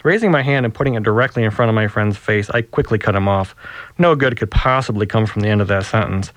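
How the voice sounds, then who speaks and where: A man, an author, reading his own novel aloud with wry, deadpan narration. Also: lowish voice, fast talker, no room sound.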